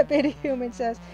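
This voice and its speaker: Mellow-voiced woman chatting through gameplay. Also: high voice, poor audio. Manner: chatty, reads game text aloud, laughs often. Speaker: let's play host. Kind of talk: casual gameplay commentary.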